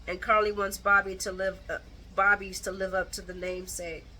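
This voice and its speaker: Bright-voiced woman recapping, blunt and animated. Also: mid-range voice, normal speed, a little hiss or hum, poor audio. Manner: animated, blunt, colloquial, with mocking asides. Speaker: soap opera recap host. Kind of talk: casual chat recap.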